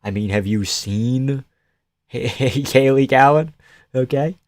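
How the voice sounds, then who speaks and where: A young man from Canada doing live fight reaction commentary as a stream host, excitable, swearing and chatting with viewers. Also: mid-range voice, slow, no room sound, clean studio sound. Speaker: livestream host.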